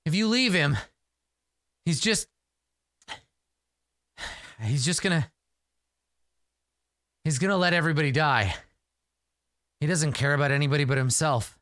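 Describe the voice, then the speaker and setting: A man's voice: fairly high pitch, a little slow, pauses often, a bit bright, dry recording, clean studio sound. A man voicing a desperate young male warrior who pleads and stammers urgently. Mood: pleading.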